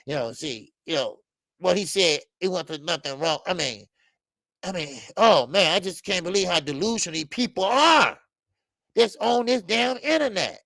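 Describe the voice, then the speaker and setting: A man hosting a boxing live stream, reading viewer comments and ranting in an animated way, with many stammered fillers. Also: sits high, moderate pace, vocal fry, no room sound. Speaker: boxing channel host.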